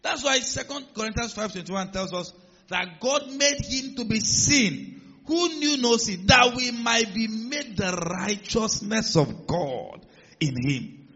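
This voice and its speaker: A male pastor preaching a sermon in a large church hall, emphatic and building to loud declarations. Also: high-pitched, lively intonation, slow, slightly rough. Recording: muffled sound with long hall reverb.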